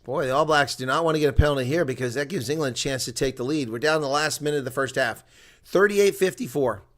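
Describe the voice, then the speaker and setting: A man commenting on a rugby match live by himself, mixing play-by-play with casual color talk. His voice sits at an ordinary middle pitch, and he swings between loud excited outbursts and quiet muttered remarks. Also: fast. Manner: chatty, excitable, jumps to loud outbursts then mutters asides.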